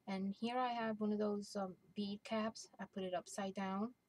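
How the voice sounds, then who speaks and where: A middle-aged woman casually showing a handmade craft album, talking in a gentle, hesitant way with many ums and restarts. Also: mid-range voice, fairly even intonation, moderate pace, slight background noise, low-quality recording. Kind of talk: casual show-and-tell.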